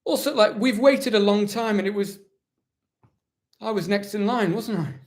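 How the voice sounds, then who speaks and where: A man does a live in-character Q&A as a kingdom's warrior-captain who is proud, weary, and self-serving. He speaks at normal speed in a natural, fairly high voice. The mood is self-justifying, as he rambles with dry, mock-solemn gravity and keeps defending his actions.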